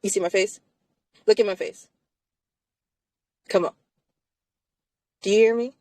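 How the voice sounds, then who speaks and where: A woman's voice: mid-range voice, steady tone, unhurried, darkish tone, no room sound, rough recording. A woman hosting a casual live chat from inside a car, talking emphatically and laughing often between phrases.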